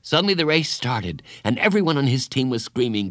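A man reading a children's story aloud with expressive, animated storytelling. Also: mid-range voice, brisk, few pauses, no echo, studio quality. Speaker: narrator.

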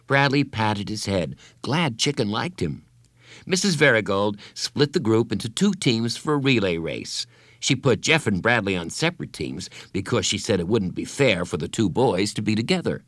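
Lively man reading a children's story. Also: lowish voice, normal speed, no echo, clean studio sound. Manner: expressive, animated storytelling. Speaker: narrator.

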